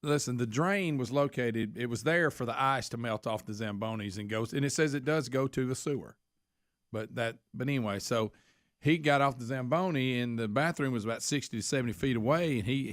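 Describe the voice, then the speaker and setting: Chatty radio co-host. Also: male voice, mid-range voice, brisk, dry recording, clean studio sound. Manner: chatty, storytelling with asides. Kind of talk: casual radio banter, reading news stories.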